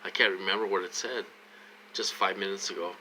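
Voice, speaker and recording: Man with a Minnesotan accent, lowish voice with a hard bright edge, blunt and meandering vlog chatter. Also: steady tone, a little fast, slight background noise. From United States. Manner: rambling and repetitive, many ums, blunt and coarse. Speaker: vlogger. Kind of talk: casual monologue to viewers.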